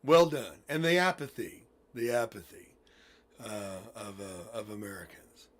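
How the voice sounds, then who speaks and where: Emphatic, excitable male talk-show host. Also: lowish voice, a little slow. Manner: emphatic, excitable, laughs often. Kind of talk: casual interview talk.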